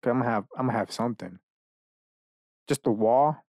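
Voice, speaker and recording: Alone in his bedroom, a podcast host rambles from one idea to the next in a solo rant, full of profanity and self-mocking asides. His mid-range voice is creaky and darkish, at a normal speed. The studio sound is clean, with no echo.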